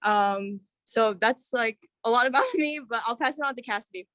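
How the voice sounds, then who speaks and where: A woman in her twenties from New York State, a student running briskly through her activities on a video call. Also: on the high side, a bit bright, dry recording. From Syracuse, New York. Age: 20s. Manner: brisk, list-like rundown. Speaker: student panelist. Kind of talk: casual video call chat.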